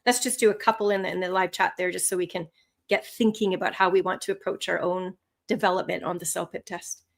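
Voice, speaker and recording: A woman instructor teaching a live online lesson, animated and expressive, with swooping pitch and frequent laughter. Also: quick pace, creaky. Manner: laughs often. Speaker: language test instructor.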